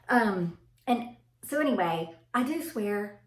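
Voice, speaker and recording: Animated mom, echoey room. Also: female voice, on the high side, unhurried, slight background noise. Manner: animated, laughing storyteller who addresses viewers as y'all. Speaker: mother vlogging about parenting. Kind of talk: casual chatty monologue to camera.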